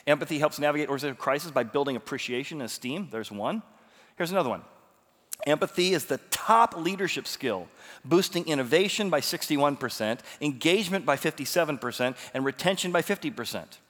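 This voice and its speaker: A pastor preaching a sermon, moving between hushed storytelling and loud, emphatic passages. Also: male voice, a little high, lively intonation, a little fast. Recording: long reverb of a large hall.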